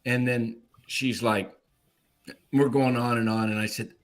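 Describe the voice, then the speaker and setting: A man telling a story in a casual chat, animated and acting out the people he quotes. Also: a little slow. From Arizona. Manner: animated, acts out quotes in a loud high voice. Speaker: podcast regular telling a story.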